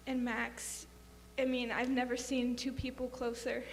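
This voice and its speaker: A woman at a memorial with quick, filler-laden asides, reading a letter aloud. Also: fairly high pitch, completely flat delivery. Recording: echoey hall with faint hum.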